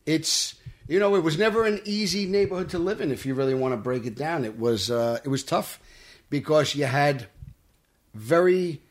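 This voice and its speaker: A middle-aged actor from Brooklyn, New York, with a Brooklyn accent, guests on a casual interview in a podcast studio. He tells animated stories in a tough-talking way. His voice is fairly high and his pace moderate.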